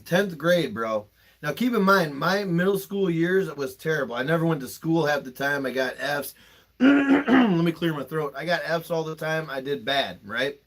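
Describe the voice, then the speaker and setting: A man's voice: on the high side, a bit bright. A young man with a slightly raised voice tells personal stories on a podcast. He talks candidly and emphatically, swears freely and gets openly emotional. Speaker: podcast host.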